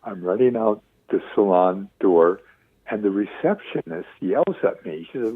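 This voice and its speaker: A man in his seventies, a radio interview guest, telling stories with lively acted-out quotes. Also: on the low side, a little slow, slightly rough, dry recording. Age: 70s. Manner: lively storyteller acting out quoted voices. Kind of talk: phone-in radio interview storytelling. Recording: tinny dry phone line.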